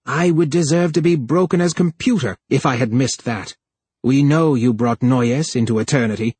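Man voicing a plump scheming official, fussy, raised pitch, husky, dry. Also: normal speed, darkish tone, no room sound, lightly acted. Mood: scornful. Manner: higher, fussy, pleading voice. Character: plump scheming male computer official, cowardly.

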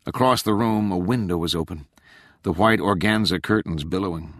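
A man narrating an audiobook in a measured, expressive way. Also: low voice, no echo, clean studio sound.

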